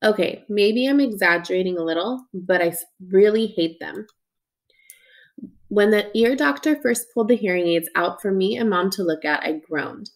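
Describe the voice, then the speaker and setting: A woman's voice: mid-range voice, normal speed. A woman narrating an audiobook in the first person, with a youthful, earnest, conversational manner. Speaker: audiobook reader.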